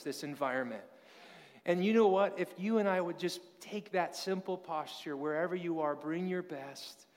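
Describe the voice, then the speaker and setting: A man's voice: fairly high pitch, in a large hall. A pastor in his thirties preaching a casual, story-filled sermon full of rhetorical questions.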